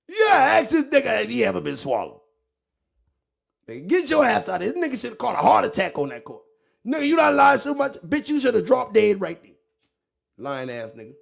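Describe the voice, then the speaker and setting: A man rants in commentary, mocking and profane, his voice sitting high and wildly animated as it leaps from shouts down to muttered asides. The tone is heavily gravelly, with a crackling fry throughout. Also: brisk. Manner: loud, profane, mocking rant that swings between shouts and low mutters. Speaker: online commentator. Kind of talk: ranting commentary.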